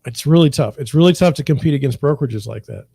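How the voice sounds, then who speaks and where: A man's voice: mid-range voice, quick pace, creaky, dark tone, slightly rough, no echo. Frustrated man, dry close sound. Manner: frustrated, repetitive, rambling with restarts. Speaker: real estate broker. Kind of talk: candid monologue to camera.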